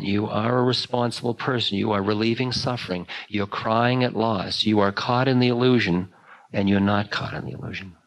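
An older man giving a spiritual talk, musing slowly with long pauses. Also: on the low side, poor audio. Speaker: spiritual teacher. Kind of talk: dharma talk.

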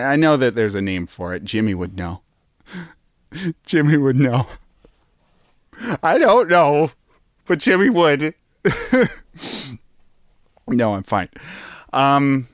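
A man's voice: on the low side, clean tone, no room sound, studio quality. A man hosting a show alone, rambling playfully with lots of fillers and restarts. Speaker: podcast host. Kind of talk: casual solo rambling.

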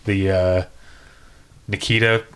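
A man's voice: low voice, flat delivery, a bit bright, clean tone. Chatty man recapping a sitcom. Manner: chatty, quick to laugh, quotes lines. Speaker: podcast co-host. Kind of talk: casual TV recap chat.

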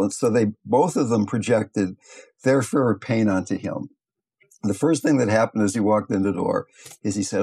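An older man teaching meditation, telling stories in a calm, unhurried, reflective way. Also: lowish voice, vocal fry, husky. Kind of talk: teaching talk with storytelling.

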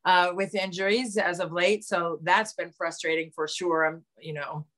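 A woman basketball analyst co-hosting a podcast in casual chat, her voice raspy today. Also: on the low side, level tone, normal speed, fairly bright tone.

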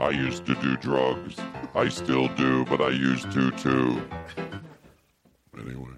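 A man doing stand-up comedy, telling deadpan one-liners, heard as a played recording. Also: very deep voice, takes it slowly, gravelly, over loud music.

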